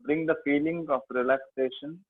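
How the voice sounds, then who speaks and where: A man with an Indian accent teaching a yoga class, giving halting instructions with many fillers. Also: fairly high pitch, steady tone, no room sound. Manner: slow, halting instructions with many fillers, chanting and singing tones. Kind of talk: guiding a mudra and mantra class. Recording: dry, phone-like lo-fi sound.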